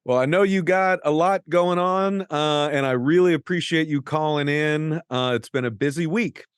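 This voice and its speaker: A man hosting an interview from a studio, reading an earnest introduction and then asking measured questions. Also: a little high, smooth, dry recording. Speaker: interview host. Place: radio studio.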